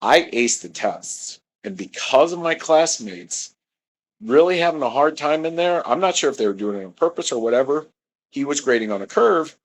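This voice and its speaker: A man's voice: mid-range voice, expressive, moderate pace, slight background noise, poor audio. A man telling a meandering personal story, often correcting himself mid-sentence.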